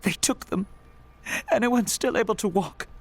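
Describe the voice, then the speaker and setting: A woman voicing a grim, shaken female warrior in a video game, with a high-pitched, old-school eighties cartoon sound and urgent, clipped delivery. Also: unhurried.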